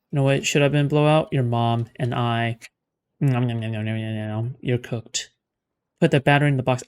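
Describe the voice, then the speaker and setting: A man's voice: mid-range voice, clean tone. A man streaming a game live, ranting sarcastically and swearing as he plays. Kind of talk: live gameplay commentary.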